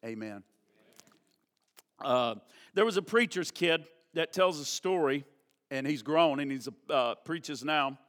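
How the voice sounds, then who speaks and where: A man preaching a sermon at a church service. He moves from hushed prayer to loud, emphatic preaching and repeats words as he builds emphasis. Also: on the high side, measured pace. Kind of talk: sermon with a prayer and a storytelling illustration.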